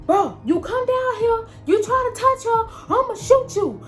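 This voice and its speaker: A woman's voice: very high-pitched, expressive, unhurried, faint music behind, voice pushed up. A woman voicing a young man who makes blunt threats in tough street talk. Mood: threatening.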